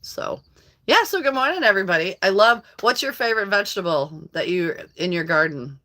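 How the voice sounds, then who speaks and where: A woman's voice: medium pitch, lively intonation, fairly quick, bright, forceful tone. A middle-aged woman hosting a casual live stream, chatting with viewers by name and laughing often. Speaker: livestream host reading viewer comments.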